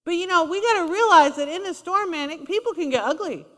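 A woman's voice: extremely high pitch, expressive, fast talker. A woman preaching a sermon in a conversational style, acting out quotes as she goes. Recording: long reverb of a large hall.

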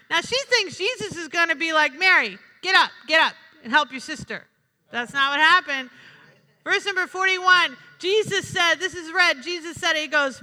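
A woman pastor delivers a sermon in a high, very bright voice. She acts out little asides with energy, then drops low and quiet to drive points home. A long hall reverb trails after her words. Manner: lively preaching with acted-out asides, rising and dropping sharply.

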